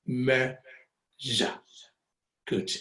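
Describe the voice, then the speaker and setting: A man's slightly bright voice moves at an extremely slow pace as he teaches music with a Ghanaian accent. He repeats words patiently, one syllable at a time, switching between Twi and English in an echoey classroom.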